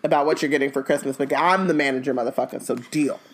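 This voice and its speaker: A woman's voice: very deep voice, quick pace. A woman voicing a tipsy, exasperated mother witch who mutters profane, snarky insults under her breath.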